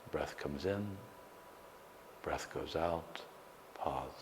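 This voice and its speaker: A man, a meditation teacher, guiding a slow, calm meditation with long pauses. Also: extremely low pitch. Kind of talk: guided meditation. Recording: long hall reverb, faint background noise.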